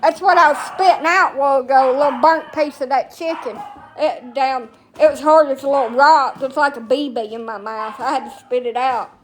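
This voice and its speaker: A brash, crude-mouthed middle-aged woman with a high voice, chatting loosely on a live stream. She rambles from one thing to the next, quick to curse. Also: noisy background. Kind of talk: casual live-stream chat.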